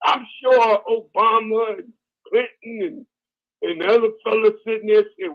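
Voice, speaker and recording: A man hosting a call-in radio talk show, telling folksy stories and building to shouted preaching. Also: sits high, steady tone, moderate pace, dull audio.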